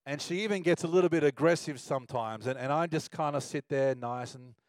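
A man preaching a sermon, telling a personal story in a relaxed, conversational way. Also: fairly high pitch, fairly quick, no echo. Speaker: pastor.

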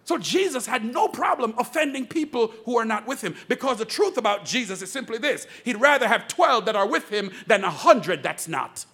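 A man's voice: extremely high pitch, expressive, moderate pace, few pauses, pushed and bright, breathy edge. A male pastor preaching a fervent sermon from the pulpit, calling out to his congregation. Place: church pulpit.

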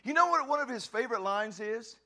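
A man preaching a passionate sermon as a pastor, often shouting and stumbling over restarts. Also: extremely high pitch, animated, brisk.

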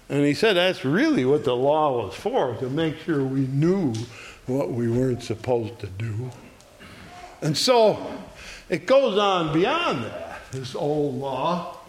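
Leading an adult Bible class, this medium-pitched man works up to loud, repeated exclamations. Between points, he chuckles.

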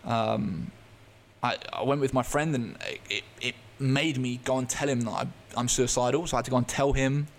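A man's voice: mid-range voice, fairly even intonation. A man, a podcast guest, telling a candid personal story in an earnest, open way, often restarting his sentences. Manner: halting, frequent restarts and fillers.

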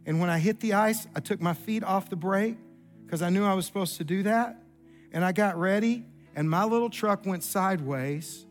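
A pastor tells a personal story in an earnest, homespun way, his voice sitting high for a man. Soft music plays faintly underneath his sermon. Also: normal speed.

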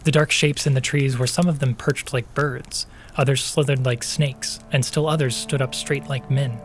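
Man narrating in even, measured tones. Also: mid-range voice, a little hiss or hum. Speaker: narrator and podcast host. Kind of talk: scripted audiobook narration.

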